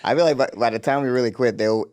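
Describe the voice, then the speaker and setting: A man's voice: mid-range voice, quick pace, darkish tone. A man co-hosting a podcast, recapping a TV episode in loose, playful chat, laughing often and slipping into voices. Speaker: podcast co-host.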